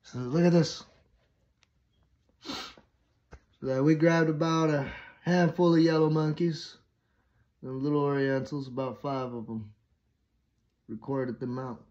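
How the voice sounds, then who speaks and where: A man's voice: fairly high pitch, fairly even intonation, slow pace, long pauses, darkish tone. A man voicing a smug young woman student presenting a chart in a lecturing way, on a dull lo-fi recording.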